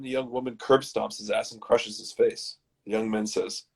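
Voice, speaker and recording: A man from Canada, hosting and reading his comedy scripts aloud in a dramatic, animated way. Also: lowish voice, normal speed, gravelly, husky. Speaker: host and scriptwriter.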